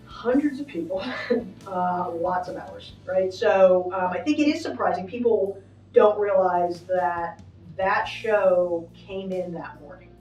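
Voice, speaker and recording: A woman's voice: mid-range voice, a little mellow. Middle-aged woman, chatty and upbeat, lots of ums, kinda far off the mic, faint music behind. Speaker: arena manager giving a backstage tour. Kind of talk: casual walking interview. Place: backstage in a large indoor arena. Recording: echoey, from a distance, faint music.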